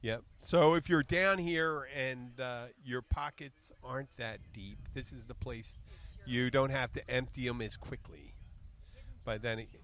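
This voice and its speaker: A man hosting a casual podcast chat at a bar in the Florida Keys, joking and excitable. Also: medium pitch, unhurried. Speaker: podcast host.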